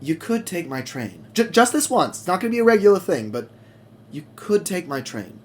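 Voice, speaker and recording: A man voicing a proud male tank engine who speaks slowly and earnestly. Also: high-pitched, sing-song, pitched above the performer's own voice. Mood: hesitant. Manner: earnest, slow and emphatic.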